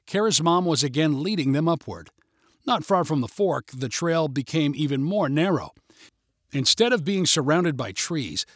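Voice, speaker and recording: A man narrating a children's adventure story in a measured, even reading. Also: a little high, no echo, studio quality.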